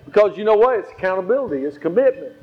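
Emphatic high-voiced male preacher. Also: animated, racing. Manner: emphatic, repeats phrases for stress. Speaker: pastor. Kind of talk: sermon with storytelling. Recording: slightly dull, faint guitar behind.

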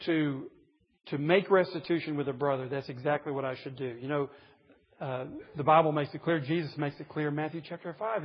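A man's voice: fairly high pitch, breathy edge. A man preaching a sermon to a group of men, earnest, pressing his points with rising emphasis. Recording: dull lo-fi recording in a reverberant hall.

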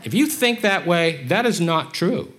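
A man preaching a conversational sermon, candid and self-deprecating, with his delivery swinging between quiet and animated. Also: on the high side, a little slow.

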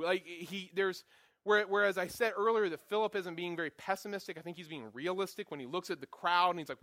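Animated man teaching a Bible class. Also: sits high, moderate pace, no room sound, studio quality. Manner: animated, acts out quotes with voices; jokey, self-deprecating asides.

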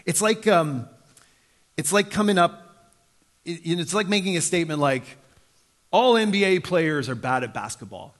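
A man's voice: expressive, moderate pace, pauses often. A man in his thirties preaching a sermon in a conversational way, acting out the voices he quotes. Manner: conversational, acts out quoted voices with sudden pitch jumps. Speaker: pastor.

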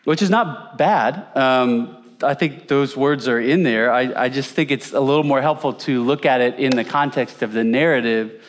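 A man's voice: mid-range voice, moderate pace, hardly any pauses. A man teaching a conversational Bible lesson, asking his audience questions and repeating words for emphasis. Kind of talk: teaching sermon with slides.

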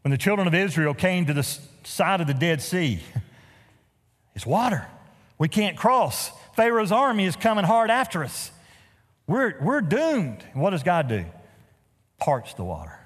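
A pastor with a high-pitched voice preaches a sermon at a measured pace, his words trailing into a long reverb in the church sanctuary. His storytelling is animated and sprinkled with humorous asides.

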